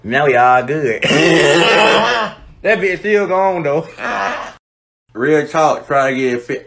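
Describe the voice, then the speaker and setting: A young man, talking in casual comedic commentary, animated, slangy and quick to laugh and swear. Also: a little high. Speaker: content creator.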